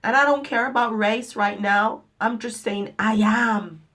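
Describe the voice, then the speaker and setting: A woman's voice: a little high, steady tone, a little slow, few pauses, fairly bright tone. A woman vlogger and mother speaking to the camera in a heartfelt, emotional pep talk, repeating her phrases for emphasis. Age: adult mother. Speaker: vlogger and herbal products maker.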